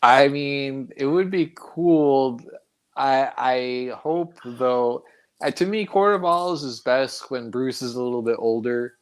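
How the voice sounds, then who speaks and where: A man in a casual livestream chat, speaking at a mid pitch. He is relaxed and a little hesitant, restarting phrases as he thinks aloud. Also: slow pace, clean tone.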